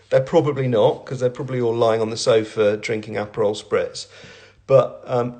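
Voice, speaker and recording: A man's voice: medium pitch, steady tone, moderate pace, creaky, a little mellow. A middle-aged man answering questions in a casual live stream from home, rambling and self-deprecating, with lots of fillers and restarts, on a phone at arm's length. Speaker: brand owner and creative director hosting a live Q&A. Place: at home, with family in the room.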